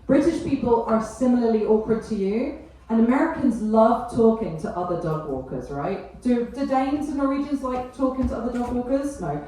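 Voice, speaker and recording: A woman's voice: fairly high pitch, dark tone. A woman in her thirties doing a cheeky stand-up set, chatting with the crowd between jokes. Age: 30s. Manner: cheeky, quick asides and frequent laughter. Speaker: stand-up comedian. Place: comedy club stage with an audience. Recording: very echoey room, voice far off.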